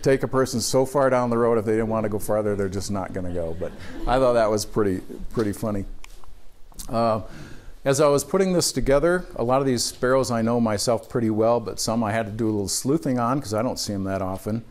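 A man's voice: fairly low pitch, a little fast. Chatty older man giving a birding talk. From Wisconsin. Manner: relaxed, chatty, self-amused, frequent uh fillers. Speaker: birding workshop presenter. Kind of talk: casual lecture to a live audience.

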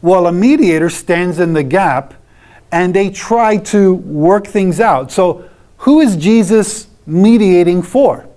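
A man's voice: high voice, expressive, slow, mellow. Man teaching a church Bible class. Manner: conversational, asks rhetorical questions.

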